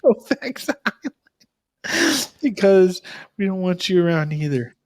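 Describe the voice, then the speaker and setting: Bumbling clown ad-reader as a man puts it on, lower than his usual voice, tripping over the copy, dry close sound. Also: sing-song, a little slow, dry recording. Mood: mock salesy. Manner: fumbling, stumbling over the script. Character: cheesy clown pitchman, male, bumbling.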